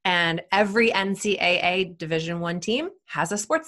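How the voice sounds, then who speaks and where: Lively woman guest chatting about kids and sports, voice jumps up when she mimics parents. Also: normal speed, hardly any pauses. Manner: animated, acts out parents' voices in higher tones. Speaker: guest, sports psychology expert. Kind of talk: conversational interview answers.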